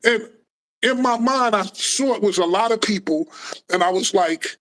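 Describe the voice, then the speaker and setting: Man, guest, high-pitched, animated, profane street storytelling, casual interview. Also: normal speed.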